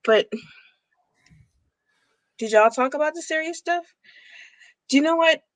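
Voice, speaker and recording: A host chatting casually in an interview, lively and chuckling now and then. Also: high-pitched, measured pace.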